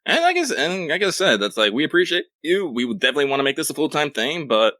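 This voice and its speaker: A man's voice: fairly high pitch, sing-song, quick pace, pushed and bright, no room sound, clean studio sound. A man co-hosting a casual gaming podcast, joking and reading out listener mail. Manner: laid-back, joking, reads listener mail. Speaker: podcast co-host.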